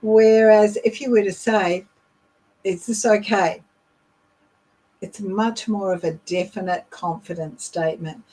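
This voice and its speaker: A woman hosting a leadership show, explaining in a measured, instructive way with occasional fillers. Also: medium pitch, steady tone, dark tone, rough recording. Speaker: leadership coach and podcast host. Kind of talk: instructional talk.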